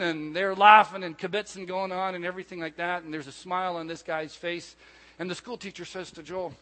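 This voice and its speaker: A middle-aged man pastor preaching a sermon and telling stories in an animated way, with asides and restarts. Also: sits high, a little fast. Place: church hall. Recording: long hall reverb.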